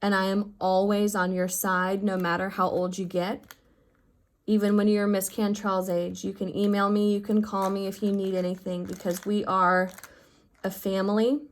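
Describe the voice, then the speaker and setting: A woman teacher speaks to her fifth graders in a recorded lesson, open and affectionate. Her voice sits at an ordinary middle pitch, and she keeps an upbeat, encouraging tone as she walks them through the math. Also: level tone, moderate pace. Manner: heartfelt and affectionate with her students. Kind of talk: recorded remote class lesson.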